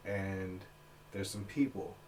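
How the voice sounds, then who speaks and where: Guy from alabama telling a story, kinda low voice, swears a lot, bit of background hum. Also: steady tone, slow, a little mellow. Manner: laid-back storyteller, swears freely. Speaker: podcast co-host. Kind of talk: casual storytelling.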